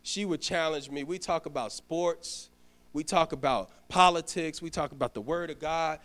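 A middle-aged deacon delivers a heartfelt sermon. His voice sits a little high for a man and swells from hushed storytelling to loud, ringing emphasis. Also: normal speed. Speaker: deacon preaching. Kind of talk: sermon with story and closing prayer.

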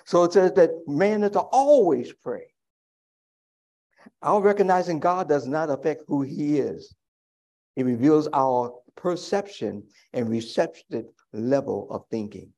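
A male pastor preaching a sermon. He climbs into loud, high preaching and then falls back to quiet, reflective asides. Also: animated, a little slow.

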